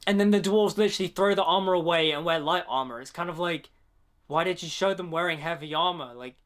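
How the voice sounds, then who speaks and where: A man's voice: fairly high pitch, quick pace, fairly bright tone. A young man giving casual film commentary, opinionated and blunt, with sarcastic asides and swearing.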